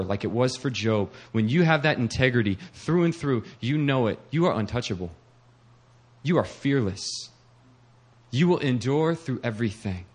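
A middle-aged male pastor preaching a sermon, moving from hushed, searching passages to fervent, urgent appeals. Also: mid-range voice.

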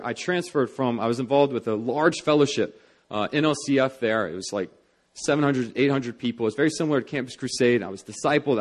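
A young adult man preaching a sermon in an earnest, conversational way, with many fillers and restarts as he tells a personal story. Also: mid-range voice. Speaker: pastor.

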